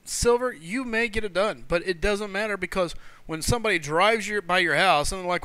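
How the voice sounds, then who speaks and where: A man hosting a live gaming stream, talking fast with excitement and reading chat out loud. His voice is high and bright, crisp and clean, recorded dry and close. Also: no room sound. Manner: excitable, laughs often, reads chat aloud.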